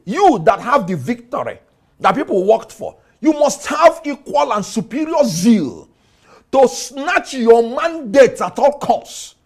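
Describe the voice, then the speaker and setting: A man with a Nigerian accent, giving an impassioned political interview as a lawyer guest, declaiming and rising to shouts. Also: very high-pitched, breathy edge.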